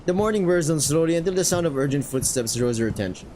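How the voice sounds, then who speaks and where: A man streaming a story game, narrating it casually with quick asides. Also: on the high side, lively intonation, a little mellow, slight background noise, low-quality recording. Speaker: streamer reading a game aloud.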